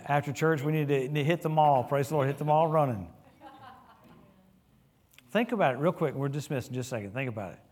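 A man's voice: fairly quick, long pauses. A middle-aged man preaching a sermon in a church, telling stories with humor and swinging his voice up and down as he gets caught up. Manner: animated storytelling with humor, lively pitch swings. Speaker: guest preacher.

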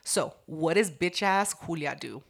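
A young adult woman casually telling a profane, animated story and acting out the people in it. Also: low-pitched, a little slow, creaky. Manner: profane, animated, acts out the voices in her story. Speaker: co-host.

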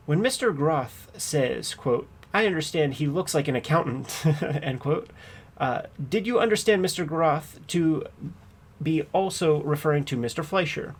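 Reading from a courtroom transcript, a man plays a dogged trial attorney cross-examining a witness in a full, expressive character voice. His pitch is a little higher than most men's and slightly rough, and he presses each point in a measured, pointed way.

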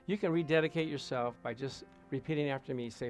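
A man's voice: mid-range voice, quick pace, hardly any pauses, dry recording, soft background music. A male pastor preaching and leading prayer with fervent repetition, calling out to his listeners for an amen. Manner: fervent, repeats phrases, calls out "Amen?". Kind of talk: sermon and prayer.

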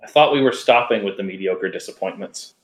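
Man, co-host, low voice, echoey room, wry and sarcastic. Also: a little fast. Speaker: podcast co-host. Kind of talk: casual chat.

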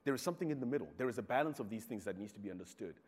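A man's voice: mid-range voice, expressive, rapid-fire, darkish tone, slightly rough. Zimbabwean man, talk speaker, storytelling style, hall reverb. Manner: storytelling, acts out quoted voices. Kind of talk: talk to an audience.

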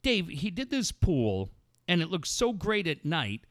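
A middle-aged man riffs through a story on a radio show, swearing freely and laughing between lines. His voice sits on the high side and swings up and down with plenty of animation, close and dry on the mic. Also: huge pitch swings, a little slow, no room sound. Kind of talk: casual, profane radio banter.

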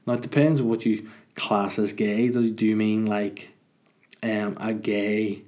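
Low-voiced man, rambling and sweary. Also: fairly even intonation, measured pace, pauses often, darkish tone. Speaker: podcast host and stand-up comedian. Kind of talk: casual solo podcast chat.

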